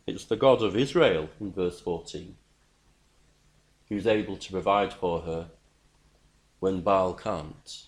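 A man's voice: deep voice, slow, long pauses. A man preaching a sermon, earnest and emphatic, repeating words as he builds his points.

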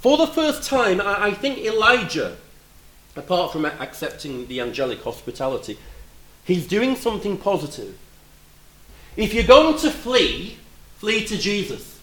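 A man preaching a sermon, animated, moving between loud emphatic lines and quiet, reflective asides. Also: high-pitched, normal speed, reverberant, low-quality recording.

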